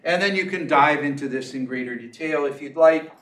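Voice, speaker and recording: A man giving an academic seminar talk in a casual, chatty way, full of fillers and quick asides. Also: a little high, fairly bright tone, far from the mic. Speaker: guest lecturer. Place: lecture room. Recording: echoey room, voice from afar.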